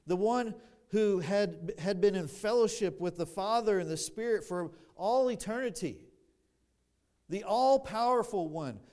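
A man preaching an expository sermon, slow and deliberate, building louder on emphatic phrases, with dry asides to the congregation. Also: high voice. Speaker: pastor.

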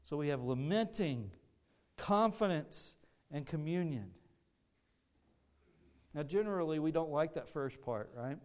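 A man's voice: a little high, lively intonation, measured pace, pauses often. A man preaching a sermon, earnest and teaching, often restarting his phrases. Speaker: pastor.

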